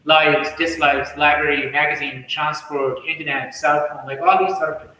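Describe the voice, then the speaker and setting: A man with a Pakistani English accent teaching speaking strategies, drawing out example words slowly. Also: a little high, level tone, pushed and bright, slight background noise. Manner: slow, drawn-out word examples. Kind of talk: spoken lesson on speaking strategies. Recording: very echoey room, off-mic.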